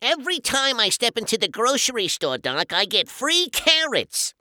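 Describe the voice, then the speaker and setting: A man's voice: very high-pitched, very animated, moderate pace, bright, forceful tone, no room sound, studio quality, pitched above the performer's own voice, full character voice. A man voicing a wisecracking male cartoon rabbit in a breezy drawl. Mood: sly.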